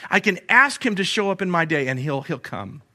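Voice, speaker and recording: Male pastor, sermon delivery, bright voice, very lively pitch. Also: brisk. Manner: animated preaching with rhetorical questions and quotes. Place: church sanctuary.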